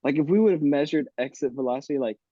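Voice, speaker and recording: A man in his thirties from Miami tells animated stories as a podcast guest, full of laughter and quoted voices. His tone is mellow and dark, and the podcast audio is dry and slightly dull. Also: fairly high pitch, quick pace, no echo. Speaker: guest, former college baseball player. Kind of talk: casual storytelling on a podcast.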